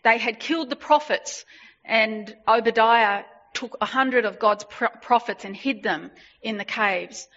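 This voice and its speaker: Woman preaching with animated storytelling. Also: on the high side, measured pace. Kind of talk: sermon. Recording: dull lo-fi sound.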